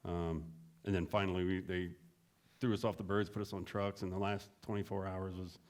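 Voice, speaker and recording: A man's voice: sits low, a little fast. A middle-aged man, a veteran, telling stories in a casual way, often laughing and raising his voice to act out what others said. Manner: animated, laughing, acts out quotes in a raised voice. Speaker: veteran guest. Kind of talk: casual storytelling.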